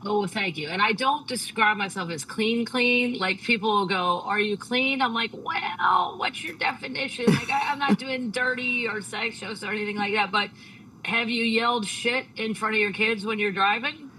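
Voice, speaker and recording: A woman comedian chatting as a podcast guest, rambling through stories with quick asides. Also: on the high side, sharp tone, slight background noise, poor audio. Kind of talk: casual chat.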